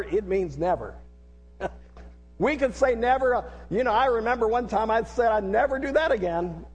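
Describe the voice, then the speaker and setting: A man's voice: high voice, darkish tone, slightly rough. Man preaching in a reverberant hall. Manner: earnest, repeats lines, leads the congregation in call-and-response. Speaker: pastor. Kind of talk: sermon.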